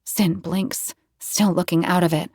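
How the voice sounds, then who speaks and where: A woman's voice: fairly low pitch, level tone, a little slow, darkish tone, slightly rough, no echo, studio quality. A woman reading a novel aloud in first person, with tense, dramatic storytelling. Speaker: audiobook narrator.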